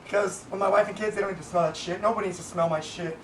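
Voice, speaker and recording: A man's voice: sits high, steady tone, very fast, recorded from a distance, a little hiss or hum. A man venting bluntly and profanely in a casual rambling monologue, recorded in an echoey room away from the mic. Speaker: vlogger, business owner. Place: Boise, Idaho.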